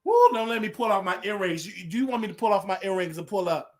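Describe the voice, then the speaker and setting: A man's voice: high-pitched, fast talker. A man voicing a jealous, angry middle-aged wife who keeps repeating one accusing question in street slang on a prank phone call. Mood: furious.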